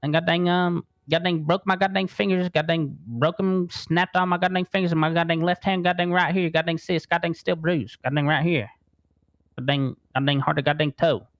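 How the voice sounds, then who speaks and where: A man doing a shaken male witness in an online role-play game who jams one curse word into almost every phrase. His voice sits fairly high, and it is recorded dry and close. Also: fairly even intonation, a little fast, dry recording, natural voice. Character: rattled male crime witness, compulsive swearer.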